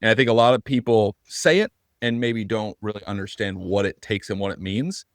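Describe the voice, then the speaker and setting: A man's voice: on the low side, fairly even intonation, fairly quick, no room sound. A man co-hosting a podcast in casual conversation, earnest and thinking aloud with frequent restarts. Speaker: podcast co-host.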